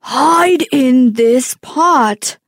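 A booming giant woman from a storybook, as a woman puts her on speaks in slow, heavy words, a little higher than an everyday voice. The sound is close and dry. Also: animated, no room sound, heavily acted. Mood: urgent. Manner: loud, slow and emphatic. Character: giant woman, huge and protective. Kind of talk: storybook reading.

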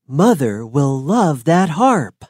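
Eager young Jack from a storybook, read by a woman talks plainly and earnestly in a low voice. The words come slowly, with a dry, close sound. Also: very animated, darkish tone, slightly rough, no room sound, full character voice. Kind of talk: storybook reading.

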